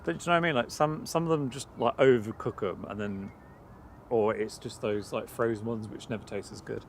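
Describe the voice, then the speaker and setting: A man's voice: lowish voice, brisk, a little hiss or hum. A man co-hosting a plane spotting live stream outdoors, chatting casually and telling rambling stories. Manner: easygoing, rambling storyteller. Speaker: plane spotting livestream co-host. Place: outdoors at an airport.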